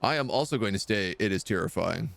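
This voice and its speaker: A man's voice: on the low side, expressive, fairly quick, creaky, a bit bright, no echo. A man streaming a video game, chatting casually and reading the game's text aloud.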